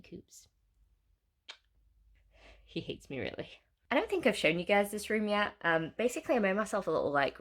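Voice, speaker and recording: A woman with a cold and a nasal voice, chatting casually in a rambling home vlog from her cozy reading nook. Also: lowish voice. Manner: rambling, filler-heavy, often trailing off softly. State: sick with a cold. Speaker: book vlogger.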